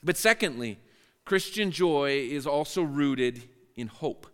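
A man's voice: fairly high pitch, expressive, slow, in a large hall. A man preaching a sermon as pastor, earnest and prone to repeating words as he restarts phrases.

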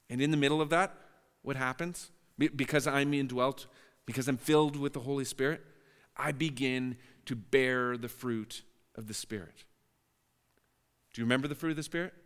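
A man's voice: mid-range voice, fairly bright tone, clean tone, long reverb tail. A man preaching a sermon as pastor, earnest and prone to repeating words as he restarts phrases.

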